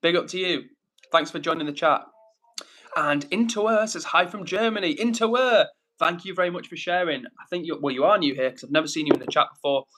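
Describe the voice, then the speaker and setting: Bright-voiced English man hosting a livestream. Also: on the high side, fairly quick, slight background noise. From England. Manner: reads viewer comments aloud and gives friendly shout-outs. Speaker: livestream host. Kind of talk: casual live-stream chat.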